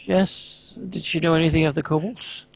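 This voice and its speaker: Player doing a tired dry man, gravelly and husky, dark tone. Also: fairly high pitch, fairly even intonation, moderate pace. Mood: weary. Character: Laurel, weary pragmatic adult man. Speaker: tabletop player.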